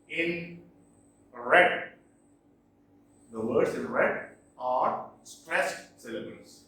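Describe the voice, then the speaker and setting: Slow, echoey man teaching poetic meter. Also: medium pitch, fairly bright tone, far from the mic. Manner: slow and deliberate, tapping out stresses. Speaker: English teacher. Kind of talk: classroom lecture. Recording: very echoey room, voice off-mic.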